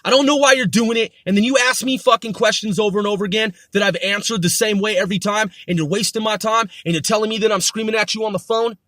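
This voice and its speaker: A man's voice: high-pitched, steady tone, fast, few pauses, a bit bright, dry recording. A man hosting a podcast, delivering an angry, profane rant full of repeated insults. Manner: profane, ranting, repetitive insults. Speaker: podcast host.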